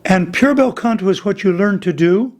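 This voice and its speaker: Older male vocal coach, high speaking voice, worn tone, animated, demonstrates by singing. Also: moderate pace. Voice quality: voice he says is damaged. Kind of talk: casual teaching interview with sung examples.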